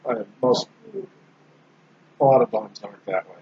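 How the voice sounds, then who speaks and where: A man in casual podcast chat, talking in a relaxed, rambling way with frequent restarts. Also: lowish voice, a little slow. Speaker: podcast host. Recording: slightly dull lo-fi sound with faint background noise.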